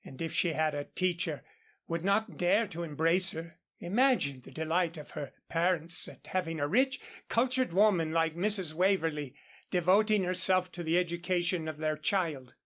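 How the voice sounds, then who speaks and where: A man reading the lines of an admiring Russian noblewoman in an audiobook, quick and enthusiastic. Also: a little high, fairly bright tone, natural voice.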